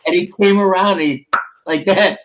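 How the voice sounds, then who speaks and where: A man's voice: high voice, moderate pace, slight background noise. A man hosting a casual podcast chat, telling a story with lots of laughter and acted-out quotes. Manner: animated storyteller, laughs often, acts out quotes.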